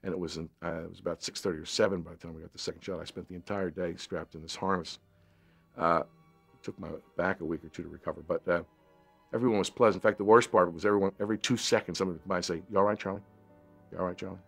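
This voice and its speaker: An actor with a very deep voice talks about his time on set. His voice has a husky edge, and soft music sits behind it. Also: steady tone, rapid-fire. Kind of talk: interview recollection.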